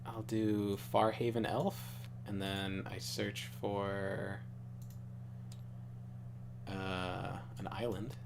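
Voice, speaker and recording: A man's voice: lowish voice, flat delivery, drawn-out words, vocal fry, long pauses, background noise. A young man chatting casually over a card game, rambling, laughing and swearing freely. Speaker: show regular.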